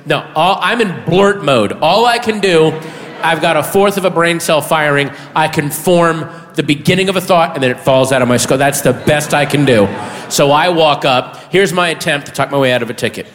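A man doing a stand-up comedy routine, animated and bursting into high shouted punchlines. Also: moderate pace, long reverb tail.

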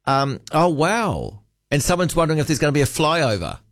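Talkback host, Kiwi man, lively up-and-down voice, dry close studio sound. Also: on the high side, normal speed, few pauses, dry recording. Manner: musing, chatty, reads out listener texts. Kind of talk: casual late-night radio chat. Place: radio studio.

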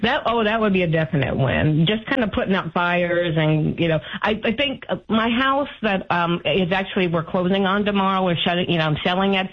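Calling in to an advice show over a phone line, a woman in her fifties speaks in a lowish voice, a little fast and with hardly any pauses. She sounds anxious, rambling and restarting her sentences, and the call audio is muffled.

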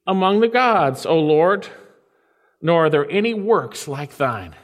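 A man preaching a sermon. He reads scripture aloud with rising emphasis and then drops into soft asides. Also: high-pitched, big pitch swings, normal speed, big-room sound.

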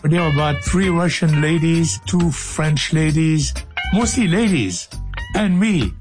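A man's voice: fairly high pitch, lively intonation, measured pace, music in the background. A man hosting a radio show in a studio, joking and laughing through outtakes and stories, sometimes slipping into a sing-song voice. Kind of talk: playful studio banter and storytelling.

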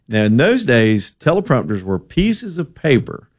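A male radio host from Alabama, telling stories in an animated, ad-libbing talk radio manner and reading a sponsor plug. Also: medium pitch, measured pace, no echo, studio quality. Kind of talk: talk radio chat and storytelling.

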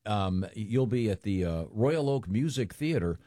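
Middle-aged male podcast host, low voice, loose rambling delivery. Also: measured pace, no room sound, studio quality. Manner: relaxed, rambling with restarts. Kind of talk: casual chat.

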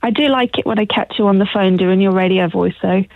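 A woman's voice: mid-range voice, a little fast, a crowd in the background. A woman calling in to a radio show, playfully teasing her husband the host. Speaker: caller, host's wife. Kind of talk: casual phone chat. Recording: dull phone-line audio.

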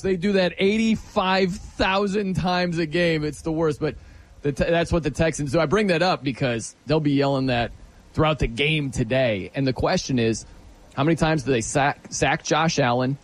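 A man hosting a sports talk radio show in an animated, chatty way, putting questions to his co-host. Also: a little high, normal speed.

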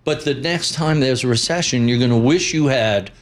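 A man's voice: medium pitch, moderate pace. A man, a guest commentator giving blunt, opinionated views in an unscripted interview.

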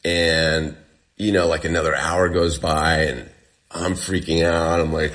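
A man with a very deep voice tells his story as an interview guest. He talks in a loose, casual way, full of fillers, and his pace shifts between rushed and drawn out. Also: little pitch movement, fairly bright tone. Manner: casual storytelling, many fillers, speeds up and slows down. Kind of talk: recounting a personal ordeal.

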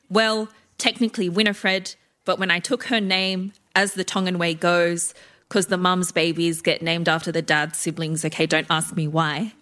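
A woman reading her own personal story in a lively, wry way. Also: fairly low pitch.

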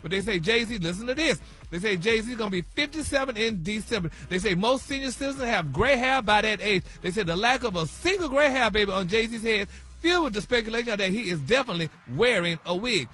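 Flamboyant high-voiced man dishing gossip. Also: animated, fairly quick, hardly any pauses, bright, forceful tone. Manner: flamboyant, sassy, says honey and y'all. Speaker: radio show co-host doing gossip. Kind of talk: radio gossip segment. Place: radio studio.

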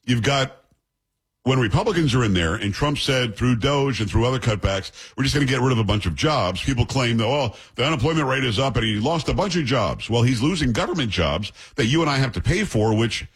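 A man talks in a husky, mid-pitched voice. He comments on politics bluntly and with scorn, as the host of his own show. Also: expressive, a little fast. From New York.

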